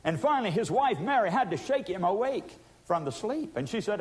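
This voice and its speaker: A man preaching a sermon, pleading with emphatic force and then dropping to hushed tones. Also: sits high, very animated, brisk, hardly any pauses.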